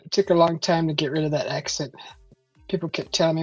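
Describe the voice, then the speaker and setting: A woman's voice: low voice, steady tone, fast talker, darkish tone, breathy edge, no echo. Rambling woman chatting on a stream. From California. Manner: rambling, laughs often, many fillers. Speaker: host. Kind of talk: casual chat. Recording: dull lo-fi stream audio with faint music.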